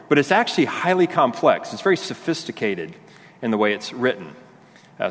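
A man preaching a sermon, telling the story in an animated, conversational way and acting out the voices. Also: mid-range voice. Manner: conversational with frequent restarts. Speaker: pastor. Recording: long hall reverb.

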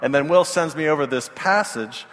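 A man's voice: fairly high pitch, moderate pace, a bit bright, big-room sound. A male pastor giving a sermon, telling stories in a self-deprecating, earnest way.

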